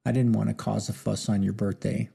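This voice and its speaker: A man voicing a gruff brawny man in his sixties. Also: fairly low pitch, little pitch movement, warm tone, exaggerated voice. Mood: sad. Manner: gruff, quick to anger, then subdued.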